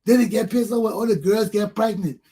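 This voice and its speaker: A man's voice: high voice, brisk, dark tone, slightly rough. An older man, hosting a talk show and delivering an angry, profane monologue in repeated jabs. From Liberia. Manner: ranting, profane, repetitive.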